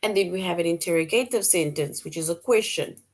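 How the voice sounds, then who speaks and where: A woman's voice: lowish voice, fairly quick. Woman teaching a grammar lesson. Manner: repeats key points, explains with examples.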